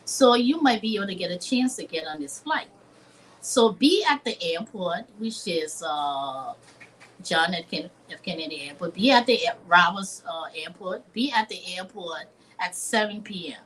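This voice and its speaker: A woman's voice: fairly low pitch, expressive, moderate pace, a bit bright, a little hiss or hum, poor audio. A woman from Liberia in her fifties, a chef telling a personal story in a live interview with an earnest, dramatic manner. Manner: earnest, dramatic, acts out quoted voices. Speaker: chef guest.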